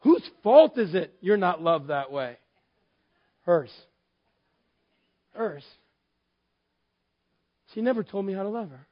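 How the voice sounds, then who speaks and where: A middle-aged man from West Texas, a pastor preaching and telling a story with animated acting out of both sides. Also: sits high, slow, pauses often, husky, dull audio. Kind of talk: sermon.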